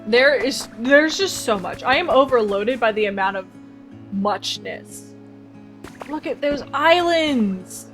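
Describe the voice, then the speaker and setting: A woman playing a cozy video game and chatting excitedly, bubbly and self-mocking. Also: fairly high pitch, takes it slowly, faint music behind. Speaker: let's play host. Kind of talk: casual game commentary.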